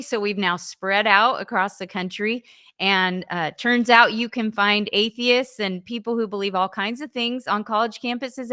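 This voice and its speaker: A woman's voice: mid-range voice, bright, forceful tone, clear, resonant tone. A woman youth ministry leader answering interview questions, earnest and often restarting her sentences.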